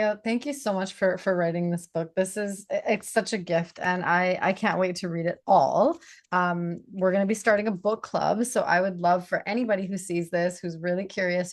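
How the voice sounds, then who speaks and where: A woman's voice: on the low side, steady tone, normal speed. A woman hosting an interview, enthusiastic and affirming, often laughing as she talks. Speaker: host. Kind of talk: casual interview conversation.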